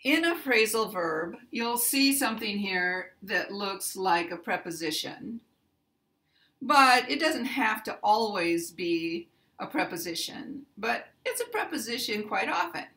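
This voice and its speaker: An American woman teaching pronunciation, speaking deliberately and repeating example sentences with clear stress. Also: mid-range voice, animated, bright, forceful tone.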